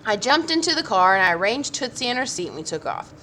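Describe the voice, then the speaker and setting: A woman reading a children's novel aloud in an expressive, lively way. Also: fairly high pitch, quick pace, a little hiss or hum. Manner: expressive, lively voicing of the story. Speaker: audiobook reader.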